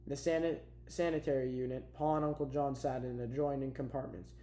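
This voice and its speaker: A man's voice: medium pitch, fairly quick. Man reading a novel aloud, roomy sound. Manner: steady, plain reading with small restarts. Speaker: audiobook reader. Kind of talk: amateur audiobook narration. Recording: roomy echo.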